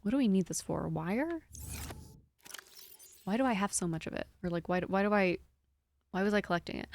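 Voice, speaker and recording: A woman's voice: mid-range voice, lively intonation, a little fast, long pauses, no echo. A young woman streaming a game live, chatting casually with her viewers in a rambling, giggly way. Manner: rambling, giggly, talks to chat.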